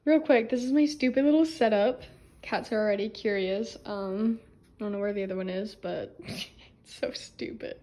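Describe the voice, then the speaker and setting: A young woman chatting excitedly in a home vlog, gushing and giggly, filmed on a phone. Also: medium pitch, a little fast, slight background noise. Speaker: vlogger. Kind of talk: casual vlog chat. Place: home room at night. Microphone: phone camera.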